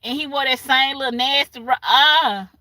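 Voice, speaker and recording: A woman's voice: high-pitched, normal speed, bright, forceful tone, no room sound. A woman, rambling in a casual livestream chat and laughing often.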